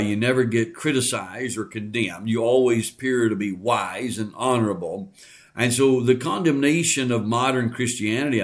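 A man preaching a sermon, reading Scripture and explaining it in a measured, earnest way with frequent fillers. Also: mid-range voice.

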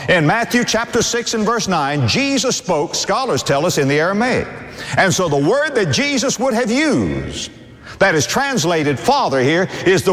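A middle-aged male pastor preaching a sermon, telling stories and swooping from high to low as he speaks. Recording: long hall reverb.

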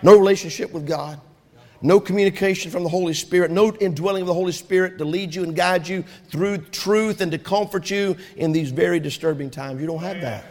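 A man, preaching a sermon with rising shouts and call-and-response. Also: high voice, a little fast. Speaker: pastor. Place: church sanctuary. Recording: long hall reverb.

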